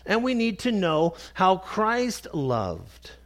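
A male pastor preaching a Sunday sermon, slow and emphatic, repeating key phrases and addressing the congregation as beloved. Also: sits high, huge pitch swings, fairly bright tone.

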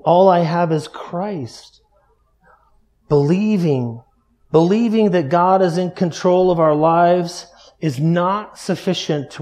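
High-voiced man preaching emphatically. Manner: emphatic, repeats key phrases, drops to soft low tones for stress. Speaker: pastor. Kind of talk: sermon.

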